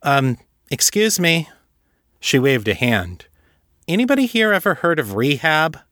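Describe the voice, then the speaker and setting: A man's voice: on the high side, big pitch swings, a little slow, fairly bright tone, no echo, studio quality, voice pushed up. A man voicing an outspoken, impatient young woman in an audiobook. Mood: exasperated.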